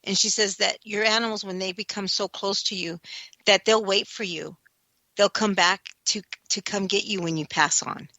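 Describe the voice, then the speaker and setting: A woman with a bright, clear voice tells a story in an earnest, rambling way, circling back and repeating herself. She is heard up close in a dry, dead sound. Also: mid-range voice, steady tone, moderate pace, dry recording, low-quality recording. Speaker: psychic medium co-host. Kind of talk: emotional personal storytelling.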